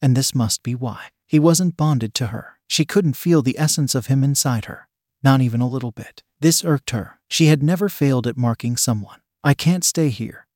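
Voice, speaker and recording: A male narrator reads a story aloud in a steady, even way. His pitch sits in the middle range, and the recording is close and dry, with no room echo. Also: normal speed. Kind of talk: scripted narration.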